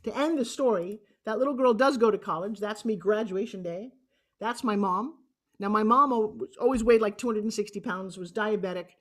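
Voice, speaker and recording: A woman in her sixties with a New York accent, telling a personal story on stage in a lively, joking, blunt way. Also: medium pitch, moderate pace. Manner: animated, jokey and blunt, acting out other voices. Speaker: motivational speaker.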